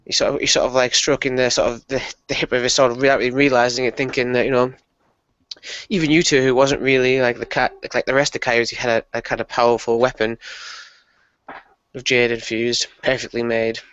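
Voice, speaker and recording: A man describing his character in a tabletop game, halting and restarting often. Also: medium pitch, level tone, fairly bright tone, smooth, dry recording. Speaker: player. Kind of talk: casual tabletop game talk. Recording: dry, muffled recording.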